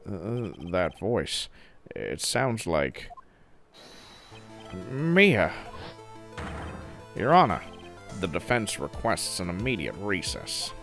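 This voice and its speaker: An earnest young defense lawyer, as a man plays him, in a lowish voice that rises and falls with feeling. He speaks slowly and hesitantly, full of doubt. Faint game music plays behind him. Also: sing-song, vocal fry, a bit bright, exaggerated voice.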